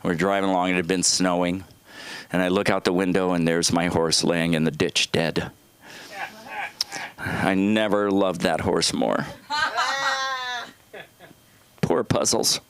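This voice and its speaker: A man's voice: sits low, fairly even intonation, normal speed, heavy background noise. A man doing open mic stand-up, telling rambling stories with lots of asides and restarts. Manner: rambling, self-interrupting storytelling with asides. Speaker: stand-up comedian. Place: comedy club stage.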